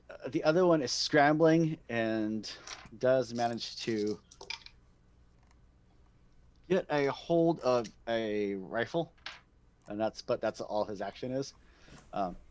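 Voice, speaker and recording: A man narrating as game master of a tabletop role-playing game, speaking haltingly with many ums and restarts. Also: medium pitch, darkish tone, slight background noise.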